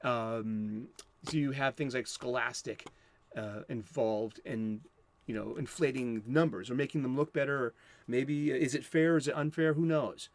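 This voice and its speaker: A man's voice: medium pitch, a little slow. Rambling American man hosting comics chat. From United States. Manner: rambling, profane, self-interrupting. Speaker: comic book show host.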